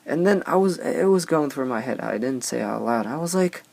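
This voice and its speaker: A man's voice: medium pitch, animated, brisk, gravelly, a little mellow. A young man hosting a casual podcast, telling rambling anecdotes with many fillers. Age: young adult. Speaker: podcast host.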